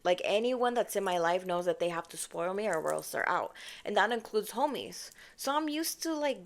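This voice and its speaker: A woman's voice: mid-range voice, lively intonation, normal speed, gravelly. A young woman telling a storytime to her viewers on her own mic, chatty and sassy, often mimicking other people in mock voices. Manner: sassy, addresses viewers as babes and y'all. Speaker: vlogger. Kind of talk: casual storytime monologue. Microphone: personal microphone.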